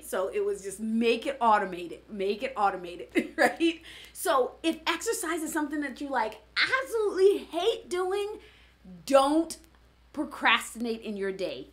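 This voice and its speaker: A woman's voice: medium pitch, a bit bright. A woman who works as a fitness coach, giving a conversational motivational talk and often checking in with "right?". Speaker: fitness coach and former studio owner.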